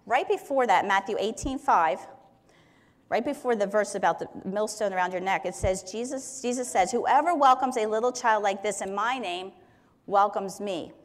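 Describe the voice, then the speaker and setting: A woman's voice: mid-range voice, normal speed. Woman giving a conversational Bible teaching. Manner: conversational, explains with everyday examples and quotes.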